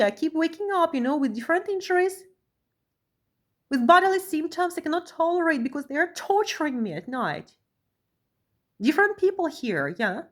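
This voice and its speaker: A woman talking to camera in an emotional vlog monologue, tagging her phrases with a questioning "yeah?" and swinging between pressing outbursts and quiet, low stretches. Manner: keeps adding a questioning "yeah?" after phrases. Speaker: vlogger.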